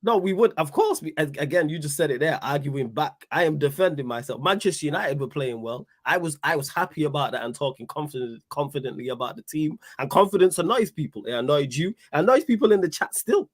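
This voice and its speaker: A man's voice: a little high, lively intonation, fast, hardly any pauses. A man co-hosting a football podcast, talking in casual banter and defending himself with self-assured confidence. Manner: self-assured, argues back. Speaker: podcast co-host.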